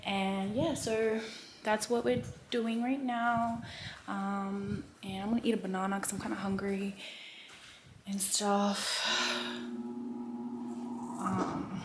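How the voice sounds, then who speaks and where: A woman in her twenties chatting casually to camera for her vlog, rambling with lots of fillers and sometimes dropping her voice low. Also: little pitch movement, slow pace, long pauses. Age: 20s. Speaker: vlogger. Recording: noisy background.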